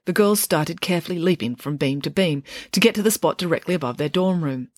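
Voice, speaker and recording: A woman reading her own children's novel aloud in a lively, expressive storytelling manner. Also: fairly low pitch, fairly quick, dry recording, clean studio sound. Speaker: author reading her book. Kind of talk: audiobook narration.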